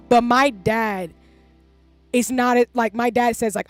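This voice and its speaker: A woman's voice: a little high, fairly even intonation, measured pace, pauses often, soft background music. A woman in her thirties chatting casually on a livestream, rambling and candid and swearing freely. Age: 30s. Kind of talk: casual stream chat.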